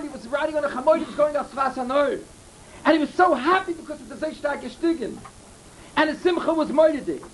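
A man's voice: very high-pitched, slight background noise, low-quality recording. A man giving a Torah lecture, telling stories earnestly and repeating key phrases. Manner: earnest, repeats himself, mixes in Hebrew and Yiddish terms. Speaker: Torah teacher.

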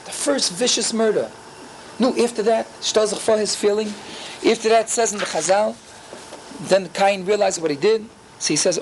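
A man teaching a Torah class, telling stories with animated swings in pitch and many rhetorical questions. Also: moderate pace, slight background noise.

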